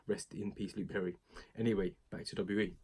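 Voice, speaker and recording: A man's voice: fairly low pitch, fairly even intonation, fast talker, darkish tone, slightly rough. A young British man casually recapping a wrestling show, rambling and chatty, with many fillers and asides. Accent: British English.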